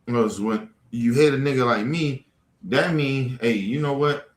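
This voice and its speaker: A man with a mid-range voice, speaking a little slowly, rants heatedly and profanely at trolls in his livestream chat. The host's recording has an echoey room sound.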